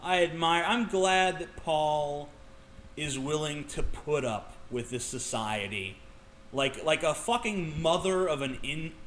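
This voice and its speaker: A man ranting on a casual vlog in a heated, argumentative way, with a lot of swearing. His voice is fairly high and bright with an edge. He stammers and restarts as he pushes his point. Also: slow, a little hiss or hum. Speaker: vlogger.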